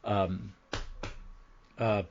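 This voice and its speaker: A man's voice: lowish voice, little pitch movement, extremely slow, gravelly, a little mellow, slight background noise. A man hosting a casual comic book podcast, recapping issues with lots of ums and restarts. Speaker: podcast host. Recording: dull lo-fi audio.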